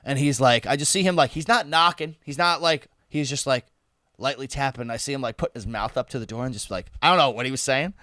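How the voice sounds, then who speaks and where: A man hosting a live podcast, telling a comic party story in an animated way, laughing and swearing as he goes. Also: mid-range voice, quick pace, dry recording, studio quality. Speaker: podcast host.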